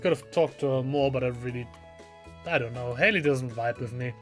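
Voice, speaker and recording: A man's voice: medium pitch, a little fast, soft background music. Chatty man narrating a let's play. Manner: chatty and self-deprecating. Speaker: gaming channel host. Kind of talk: casual let's play commentary.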